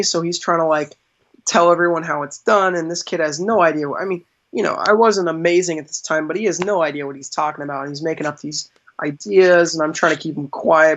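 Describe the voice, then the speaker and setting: A man's voice: fairly high pitch, a bit bright. A man being interviewed as a magician, telling stories in a chatty way, laughing often and using lots of fillers. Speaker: magician, podcast guest. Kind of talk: casual interview storytelling. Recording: dull lo-fi sound.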